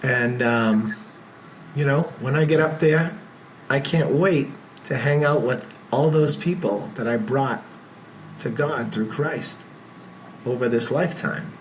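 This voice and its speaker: A man, a podcast guest talking earnestly in a casual interview, often pausing on filler words. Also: medium pitch, a little hiss or hum. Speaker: podcast guest, event founder.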